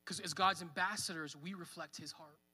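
A man's voice: fairly high pitch, fairly even intonation, brisk, pushed and bright, breathy edge, in a large hall. A man in his thirties preaching a sermon at church, conversational, with fillers. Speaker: pastor. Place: church hall.

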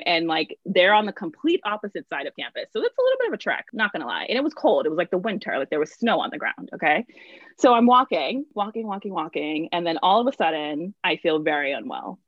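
Young woman, chatty storyteller, full of fillers, slightly low voice, dry muffled sound. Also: no room sound. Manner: chatty, lots of "like" and restarts, laughs through stories. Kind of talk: casual storytelling chat.

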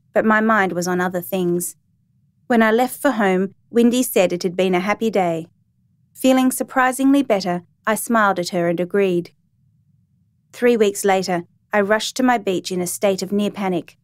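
A woman narrating a first-person story in a calm, even, reflective reading voice. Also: mid-range voice, moderate pace, no echo.

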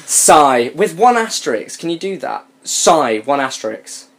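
A man's voice: a little high, big pitch swings, normal speed. A young man hosting a comedy podcast, swearing freely and mockingly reading bad fan fiction aloud. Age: young adult. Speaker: podcast host.

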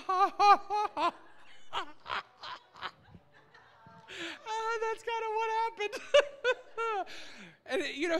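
A man preaching a sermon in an animated way, laughing often and acting out his own prayers, recorded in a church sanctuary. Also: very high-pitched. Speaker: pastor. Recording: long reverb of a church hall.

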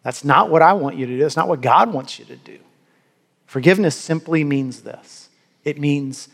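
A male pastor delivering a sermon in a fairly high voice for a man, earnest and emphatic, doubling words as he presses his point. His voice carries a long hall reverb, as in a church sanctuary. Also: moderate pace, vocal fry, a bit bright.

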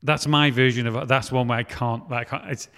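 A man's voice: mid-range voice, fairly even intonation, moderate pace, bright, forceful tone. A man in casual chat, talking in a chatty, self-mocking way and laughing often. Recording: long hall reverb.

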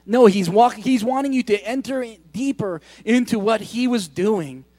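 A middle-aged man preaching a sermon as pastor, pleading and impassioned, dropping soft then shouting. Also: high-pitched, normal speed, dry recording. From Korea. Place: church hall. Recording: dry close mic, faint music behind.

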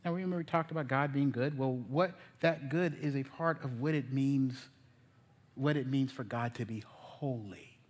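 A man preaching a sermon as pastor, folksy and animated, joking with the congregation and now and then dropping to a near whisper for emphasis. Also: medium pitch, normal speed.

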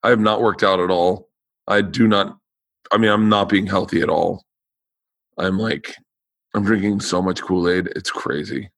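Tired, low-voiced man rambling on. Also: steady tone, normal speed, long pauses, a bit bright, no echo. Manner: rambling, stuttering restarts. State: tired voice with no power behind it. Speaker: podcast host. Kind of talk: casual chat.

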